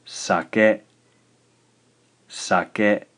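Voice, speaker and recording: A man teaching in a recorded video lesson, patient and slow, saying each syllable out clearly. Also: lowish voice, fairly even intonation, fairly bright tone. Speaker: language teacher.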